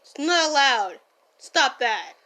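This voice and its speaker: A woman voicing a brash, hot-tempered young gang-boss man in a listener role-play while gaming, scolding and yelling. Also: high voice, very animated, takes it slowly, a little hiss or hum, full character voice. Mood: annoyed gaming. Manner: loud, scolding, easily startled, playful yelling. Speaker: fan voice actor.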